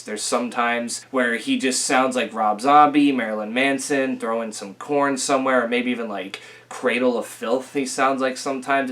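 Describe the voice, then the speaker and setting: A young man giving a casual, rambling album review, full of fillers and restarts, a little rough from a recent illness. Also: medium pitch, a bit bright. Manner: rambling, filler-heavy, self-correcting. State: recovering from illness, occasional coughing.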